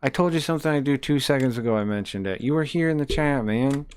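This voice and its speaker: A man's voice: medium pitch, expressive, fast talker, a little mellow, smooth. A man live-streaming who reads chat messages aloud and taunts a viewer in a combative way.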